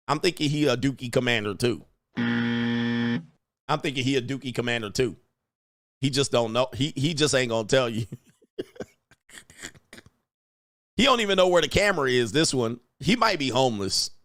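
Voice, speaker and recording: A man hosting a reaction show, mocking what he watches in a loud, slangy way. His voice sits at an ordinary pitch. The recording is dry and close. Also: lively intonation, moderate pace, pauses often, dry recording. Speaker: commentary host. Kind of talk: casual reaction commentary.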